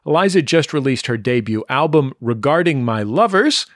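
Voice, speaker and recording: A man's voice: medium pitch, big pitch swings, normal speed, background noise. A man hosting a podcast, reading friendly, enthusiastic introductions. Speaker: podcast host. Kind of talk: scripted show introductions.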